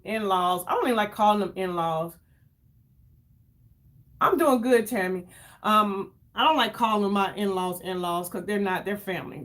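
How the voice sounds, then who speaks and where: An effusive woman in her fifties hosts a makeup livestream from home, talking casually as she works. Her voice sits at an ordinary middle pitch, and she keeps breaking off to greet viewers by name. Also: a bit bright. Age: 50s. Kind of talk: casual livestream chat while doing makeup.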